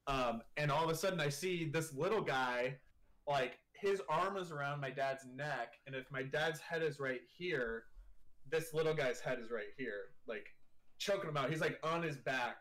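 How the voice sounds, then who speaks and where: A young man telling a story in casual chat, animated and full of swearing and filler words. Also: on the high side, moderate pace. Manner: animated storyteller, swears a lot, leans on 'like'. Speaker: guest.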